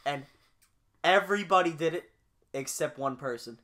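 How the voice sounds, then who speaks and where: A man's voice: on the high side, moderate pace, sharp tone. A young man on a casual podcast, telling a school story and chuckling through it. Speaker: podcast co-host.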